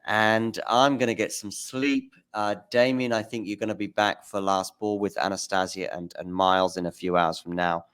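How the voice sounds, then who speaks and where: Deep low guy hosting a tennis stream, rambly, reads chat names out, remote call mic. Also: fairly even intonation, moderate pace, hardly any pauses, fairly bright tone, clean tone. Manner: rambling, thanks the chat by name. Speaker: host of a tennis talk stream. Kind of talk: casual livestream chat.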